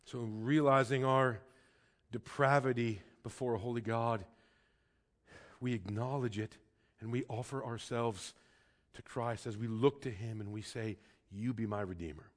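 A man preaching a sermon in earnest, swinging between hushed and emphatic lines, often repeating words as he starts a sentence. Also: mid-range voice, fairly even intonation, measured pace. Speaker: pastor.

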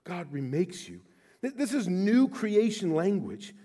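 A middle-aged male pastor preaching a sermon with passion, swinging from loud declarations to hushed, slow phrases. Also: high voice, big pitch swings, slightly rough. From Southern California.

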